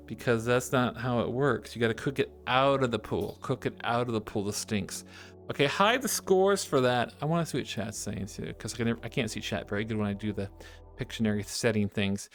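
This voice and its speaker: A man's voice: medium pitch, big pitch swings, fairly quick, soft background music. A man chatting playfully with his live-stream chat, joking and drawing as he talks. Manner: playful and goofy, jokes with chat.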